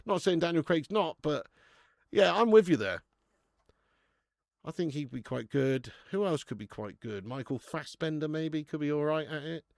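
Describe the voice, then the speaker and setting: A man's voice: a little high, animated, normal speed, vocal fry, darkish tone, no room sound. A young man hosting a football watch-along stream, chatting casually with viewers and swearing freely. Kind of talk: casual live-stream chat and match commentary.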